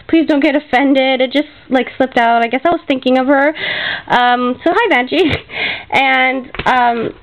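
A woman with a fairly high voice chats through a casual craft vlog, thanking a friend over and over. She talks in gushing runs packed with fillers and sounds emotional, close to tears. The home video sound is dull and lo-fi. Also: steady tone, a little slow. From Canada. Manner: gushing, grateful, chatty with many fillers. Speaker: craft vlogger.

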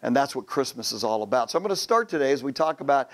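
A man's voice: medium pitch, animated, quick pace. A man in his fifties, a pastor giving a joking sermon to men, telling stories and acting out quotes. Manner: humorous storytelling with acted quotes.

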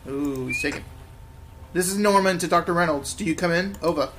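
A man voicing a lazy, corrupt London policeman who talks in loud, scornful slang. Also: on the high side, fairly quick, slight background noise, natural voice. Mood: brash.

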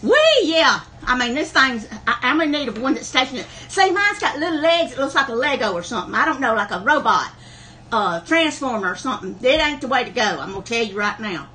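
A high-pitched woman runs a live online sale. Her bright, forceful voice chats folksily as she greets viewers by name. Faint room noise sits behind her. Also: big pitch swings, fairly quick. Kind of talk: livestream chat. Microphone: camera on a wobbly tripod.

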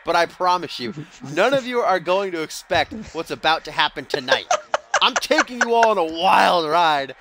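A man's voice: high-pitched, lively intonation, moderate pace, background noise, voice pushed up. A man voicing an arrogant, boastful male heel wrestler cutting a self-important promo in a video game.

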